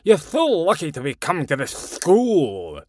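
Ancient pompous male headmaster, put on by a man, a little higher than the narrator, lively lilt. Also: a little slow, dry recording, clean studio sound, heavily acted. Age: older.

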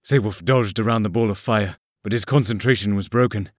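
A man narrating fiction aloud in a steady, clear storytelling manner. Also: lowish voice, brisk, few pauses, dry recording, clean studio sound.

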